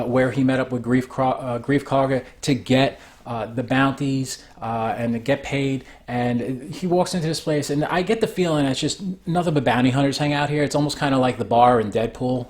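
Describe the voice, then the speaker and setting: A man's voice: mid-range voice, darkish tone. Rambling man recapping a show. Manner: rambling, with frequent restarts. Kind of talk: casual spoken recap.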